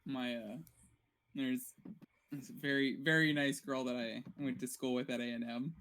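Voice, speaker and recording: A man's voice: medium pitch, fairly even intonation, unhurried, fairly bright tone. A young man from the United States, a guest on a card game stream, chatting in a laid-back way and laughing easily. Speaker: guest deck builder. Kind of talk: casual gameplay chat.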